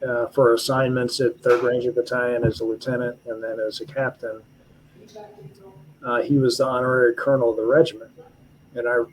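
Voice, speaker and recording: A man in his fifties, a retired army officer, telling his service stories in an interview with earnest, halting speech full of fillers and restarts. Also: medium pitch, darkish tone, slight background noise, poor audio. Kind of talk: storytelling interview.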